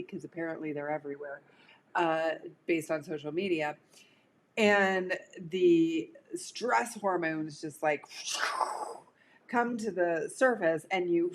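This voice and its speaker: Chatty woman coach, lowish voice. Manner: chatty, digressive, laughs easily. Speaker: career coach. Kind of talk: live-streamed casual talk.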